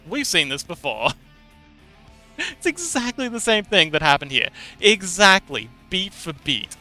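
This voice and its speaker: A man's voice: on the high side, pushed and bright. A man livestreaming, explaining something in a rambling, casual way, repeating words and laughing now and then.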